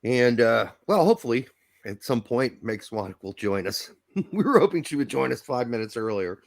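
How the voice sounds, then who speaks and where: A man's voice: mid-range voice, big pitch swings, normal speed, creaky, dry recording. Laid-back laughing male podcast host. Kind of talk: casual live-stream chat. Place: home in Indiana.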